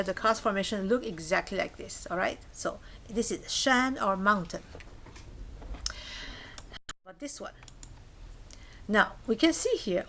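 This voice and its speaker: A woman's voice: mid-range voice, fairly bright tone. A woman teaching a recorded language lesson, explaining patiently and acting out small scenes as examples.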